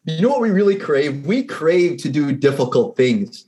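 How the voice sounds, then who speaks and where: A man who works as a results coach, a guest on a podcast, telling stories in a lively way and acting out the people in them. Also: fairly high pitch, moderate pace. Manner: animated storyteller who acts out the people in his stories. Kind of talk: casual conversation with storytelling.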